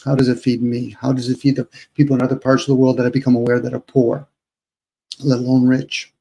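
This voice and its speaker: A man's voice: medium pitch, level tone, fast, vocal fry, warm tone, low-quality recording. A man who is a guest on a live online panel, talking in a rambling, reflective way full of rhetorical questions. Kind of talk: casual live panel chat.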